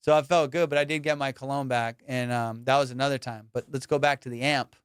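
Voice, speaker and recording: A male comedian hosting a podcast, telling high school stories in a slangy, animated way and acting out the people in them. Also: fast talker, smooth, dry recording. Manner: slangy, animated, acts out quoted voices. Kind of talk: casual storytelling.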